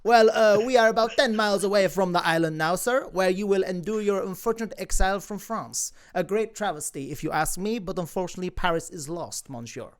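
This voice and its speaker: A man's voice: high voice, fairly quick, few pauses. A man playing a fretful, deferential ship crewman. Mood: fretful, apologetic. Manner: deferential, speaks with mock French words. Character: fretful male ship crew member. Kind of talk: reading a comedy script live.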